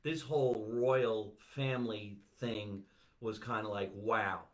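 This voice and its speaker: A man's voice: fairly low pitch, fairly even intonation, slow pace. A man hosting a comedy podcast, chatting casually in a joking, crude, playful way.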